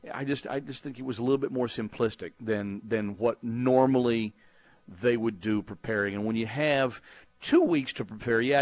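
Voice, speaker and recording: A middle-aged man from Texas hosts a sports talk call-in show, riffing loosely and circling back over his own words. His voice sits at a moderate pitch and is recorded close and dry, with no room sound. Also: no room sound. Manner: rambling, conversational, frequent restarts and fillers. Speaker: sports radio host.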